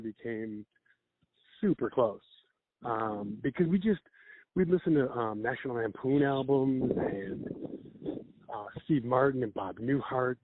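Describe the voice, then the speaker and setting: A man's voice: mid-range voice, slightly rough. A man, a comedian guest, telling rambling stories in a casual chat with laughs and acted-out quotes. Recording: phone-like narrow band.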